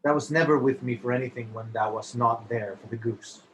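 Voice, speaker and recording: A man reading the part of a young nobleman in a quick, bantering exchange of jests, during a cold read over a video call. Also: medium pitch, a bit bright, slight background noise, natural voice, poor audio. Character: lovesick young male nobleman trading jests. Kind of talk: cold read of a stage play.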